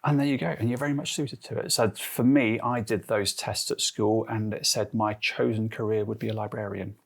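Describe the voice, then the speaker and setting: Guernsey man, low gravelly voice, animated anecdotes in an interview. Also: normal speed. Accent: Guernsey English. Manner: chatty, animated storyteller acting out quotes. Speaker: interviewee, head of transformation and change. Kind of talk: casual interview answers.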